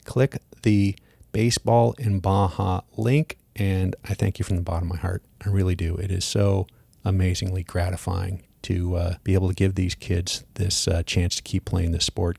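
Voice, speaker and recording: A man's voice: low-pitched, creaky, dark tone, no room sound. A man hosting a podcast, interviewing a guest and reading his own ads in an upbeat, direct way. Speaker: podcast host. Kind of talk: casual interview and ad reads.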